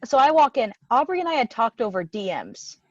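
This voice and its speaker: This young woman co-hosts a podcast, her slightly high voice swinging widely in pitch as she talks fairly quickly. She tells stories in easygoing chat and acts out the lines people said. The sound is lo-fi.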